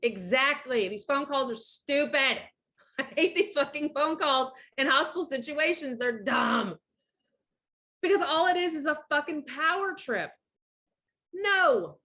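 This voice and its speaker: A woman's voice: high voice, lively intonation, moderate pace, pushed and bright. A woman host giving blunt, profane, casual advice about divorce and co-parenting, acting out the voices she quotes.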